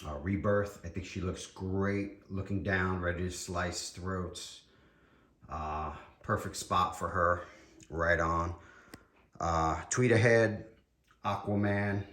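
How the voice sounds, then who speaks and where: New york guy rambling excitedly thru his collection, real low voice, roomy echo. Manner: enthusiastic, rambling. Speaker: collector giving a room tour. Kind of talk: casual collection tour. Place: home statue room. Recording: echoey room.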